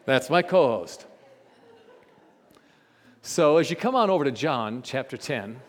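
A man preaching a sermon, animated and joking with the congregation, in a large church. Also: medium pitch, measured pace. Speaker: pastor. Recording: long reverb in a large church.

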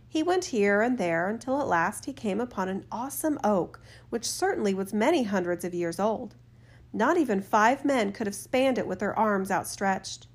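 A woman narrating a fairy tale in a steady, measured reading voice. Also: mid-range voice. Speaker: storyteller. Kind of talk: storybook narration.

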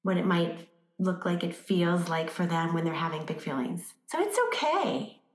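A woman parenting coach giving advice in an animated way, acting out little scenes with voices. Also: lowish voice, moderate pace, reverberant. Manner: animated, acts out examples with voices. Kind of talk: advice in conversation.

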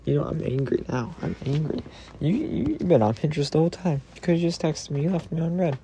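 A young man talking tenderly and rambling to his girlfriend in a personal podcast, sometimes dropping into soft whispers. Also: a little high, quick pace, a little hiss or hum. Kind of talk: intimate personal voice message.

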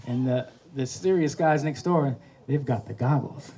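A man hosting a podcast, telling a motivational story in a lively, animated way and acting out the voices. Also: mid-range voice, measured pace, husky. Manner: animated, acts out voices, laughs at his own story. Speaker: podcast host.

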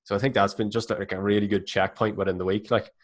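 A man speaking as a coach who is a guest on a casual podcast, talking in a measured, reflective way with many filler "like"s. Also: lowish voice, level tone.

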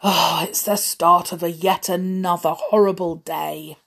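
A woman's voice: fairly low pitch, takes it slowly, exaggerated voice. Woman putting on a grumpy complaining man. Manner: gruff, grumbling outbursts.

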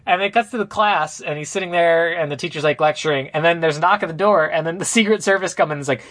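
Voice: fast, a bit bright, no room sound. Young podcaster recapping a movie, dry close mic. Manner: acts out characters' lines with jumps in pitch; loose, rambling, full of "like" and "uh". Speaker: podcast co-host. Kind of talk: casual movie recap chat.

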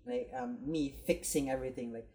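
Low, mellow young woman telling a story. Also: fairly quick. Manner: animated, swearing, acts out quoted lines. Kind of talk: casual storytelling chat.

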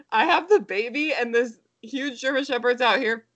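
A woman's voice: a little high, moderate pace, fairly bright tone, dry recording. Young woman podcast cohost, chatty storyteller, dry close mic. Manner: chatty storytelling with frequent laughs and "like". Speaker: podcast co-host. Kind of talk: casual chat.

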